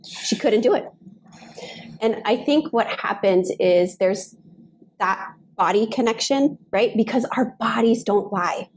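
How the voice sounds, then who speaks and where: A woman's voice: mid-range voice, measured pace, low-quality recording. A woman guest author in a podcast interview, talking earnestly and telling stories from her work. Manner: earnest, storytelling, animated quoting.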